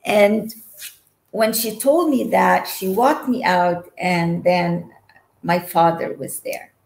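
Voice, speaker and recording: Slow-talking woman, echoey room. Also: lowish voice, steady tone, creaky, darkish tone, slight background noise. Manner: emotional, trails off and laughs between phrases. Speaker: interview guest. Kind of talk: personal storytelling.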